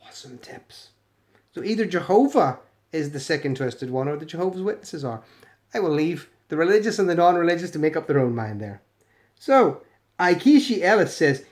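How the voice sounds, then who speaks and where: A man's voice: a little high, animated, normal speed. A British man runs sarcastic commentary over comments he reads aloud. He mocks each quote with put-on voices and cuts in with swearing and dry jabs. The tone stays scornful and conversational throughout. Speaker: video commentator.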